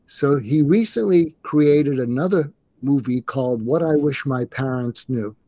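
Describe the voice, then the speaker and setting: Older male guest, mid-pitched, earnest and halting, dry close sound. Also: dark tone, dry recording. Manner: earnest, halting with restarts and fillers. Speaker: interview guest, psychiatrist. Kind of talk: conversational interview.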